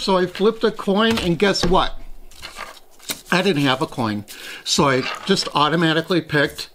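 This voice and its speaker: A man with a fairly high voice hosts a casual taste-test vlog. He chats and rambles, stumbles over words and laughs at his own mistakes. A faint hiss sits under his voice. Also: normal speed, fairly bright tone. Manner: chatty, rambling, self-deprecating. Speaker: host.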